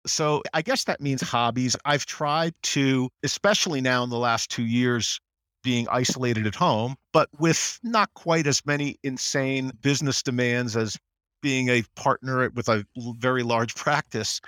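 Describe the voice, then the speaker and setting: A middle-aged American man, a general counsel as interview guest, talking in an animated way and acting out quotes. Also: a little slow, smooth, no room sound, clean studio sound. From United States. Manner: animated storyteller, acts out quotes in higher voice. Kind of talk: conversational interview.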